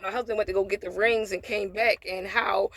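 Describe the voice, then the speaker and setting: A woman's voice: mid-range voice, steady tone, fairly quick, a bit bright, no room sound. Woman vlogger doing storytime, blunt, swears a lot, preachy about faith, dry close sound. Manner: blunt, profane, candid. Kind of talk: casual storytime monologue.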